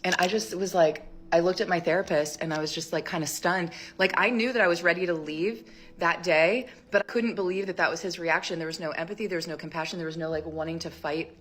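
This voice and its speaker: Low-voiced chatty woman telling a story. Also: steady tone, fast, soft background music. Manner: chatty, rambling, heavy use of "like"; acts out quoted lines with sharp jumps up in pitch. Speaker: storyteller in a social media clip. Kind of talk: casual storytime monologue.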